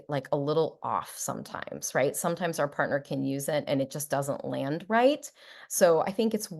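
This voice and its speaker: A middle-aged woman psychologist giving a talk, playful and warm, often acting out example phrases in a lighter voice. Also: deep voice, gravelly. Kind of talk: presentation to an audience.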